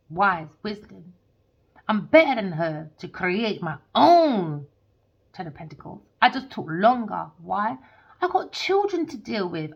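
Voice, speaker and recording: A woman's voice: lowish voice, a bit bright. A woman, a tarot reader ranting heatedly and swearing in a monologue. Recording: dull lo-fi recording.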